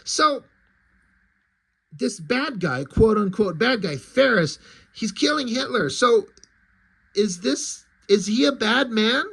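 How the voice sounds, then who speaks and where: A man's voice: sits high, lively intonation, takes it slowly, vocal fry, long pauses, fairly bright tone, slightly rough. A man casually walking through a comic book, chatty and swearing freely.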